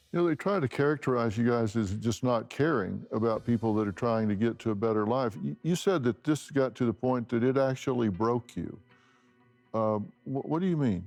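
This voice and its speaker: A man's voice: medium pitch, brisk, darkish tone, faint music behind. A man hosting a news interview, narrating an introduction and then asking conversational questions. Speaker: interview host.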